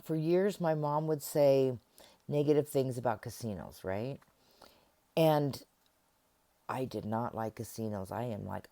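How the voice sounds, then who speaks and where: Low, mellow-voiced middle-aged woman. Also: lively intonation, moderate pace. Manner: conversational, acts out remembered dialogue. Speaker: self-help speaker. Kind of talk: casual personal talk to camera.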